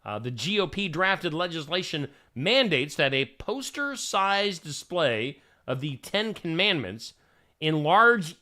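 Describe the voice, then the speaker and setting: A man's voice: mid-range voice, sharp tone. A man hosting a morning radio show, reading odd news stories with joking asides in a chatty, casual manner.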